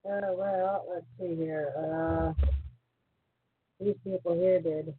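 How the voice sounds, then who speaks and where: A woman co-hosting a casual chat show, answering quietly and dryly. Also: on the low side, steady tone, slow pace, a little hiss or hum. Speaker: podcast co-host. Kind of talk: casual banter. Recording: phone-like lo-fi line.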